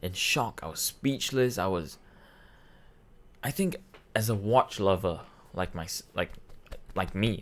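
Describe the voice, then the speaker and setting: A man's voice: deep voice, lively intonation, a little slow, long pauses, a bit bright. Emotional young man telling a story. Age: 20s. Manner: emotional, rambling with many restarts and quoted dialogue. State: choked up, near tears. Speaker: vlogger. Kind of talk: casual storytelling.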